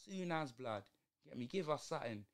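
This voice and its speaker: A man's voice: a little high, lively intonation, normal speed. A young man, ranting in slang through a live football watch-along stream. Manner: exasperated, slangy ranting at the match.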